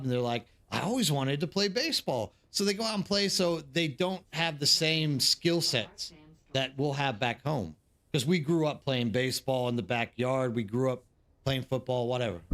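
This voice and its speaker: Living abroad in South Korea, a man with a mid-range, fairly bright voice chats casually with his live stream audience. His stories to the chat ramble, with frequent filler words and false starts.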